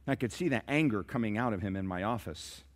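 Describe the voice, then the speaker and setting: A man's voice: fairly low pitch, lively intonation, quick pace. A man preaching a sermon as pastor, telling stories and calling out to his congregation for responses. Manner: storytelling preacher who calls out to the congregation.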